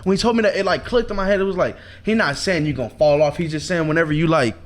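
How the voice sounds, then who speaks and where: A man's voice: fairly high pitch, quick pace. A young man from Oklahoma, a rapper guest in casual podcast chat, talking earnestly and reflectively in slang.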